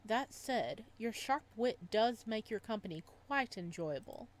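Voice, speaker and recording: The character is a soft-spoken, possessive male psychiatrist in a visual novel, read aloud by a woman. Her voice is a little high, her pace measured, and her tone calm with a quiet, unsettling edge.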